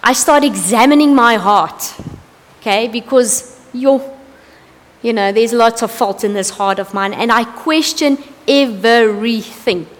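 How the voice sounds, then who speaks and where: A woman's voice: fairly high pitch, unhurried. A woman preaching an evening sermon in a chatty, candid way, with asides and self-corrections. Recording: long reverb of a large hall.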